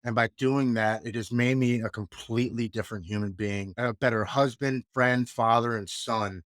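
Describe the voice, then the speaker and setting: A man's voice: mid-range voice, fairly even intonation, moderate pace, fairly bright tone, no echo, studio quality. A man in his forties, from the United States, telling his story as a podcast guest in an earnest, heartfelt and reflective way. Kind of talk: candid interview conversation.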